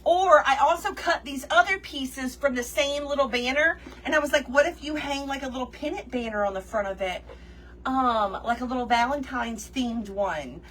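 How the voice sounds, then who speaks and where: A woman's voice: high-pitched, moderate pace. A woman chatting casually with viewers during a livestream while she works on a craft project. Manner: chatty, animated, reads viewer comments aloud, laughs often.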